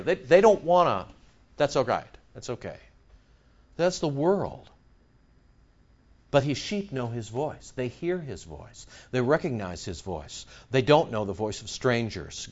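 A man delivers an animated sermon and presses his points with rhetorical questions and repeated phrases. His voice sits a little high and swings widely in pitch. The recording sounds dull and lo-fi. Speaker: pastor.

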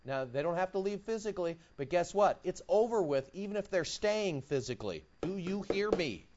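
A male pastor preaching a sermon, acting out quotes and swinging from quiet asides to loud, high bursts. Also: animated, normal speed, noisy background. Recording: dull lo-fi recording.

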